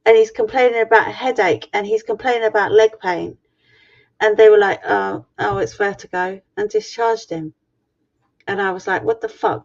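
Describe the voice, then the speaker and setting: A middle-aged woman on a video call, frankly and swearily retelling an ordeal in a personal story. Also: a little high. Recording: muffled lo-fi stream audio.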